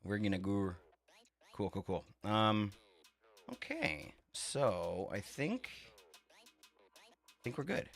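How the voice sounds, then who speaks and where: A man's voice: lowish voice, sing-song, slow pace, vocal fry, pauses often, a bit bright, faint music behind. A man chatting casually with his live-stream viewers while he builds in a game, rambling, laughing often and swearing freely.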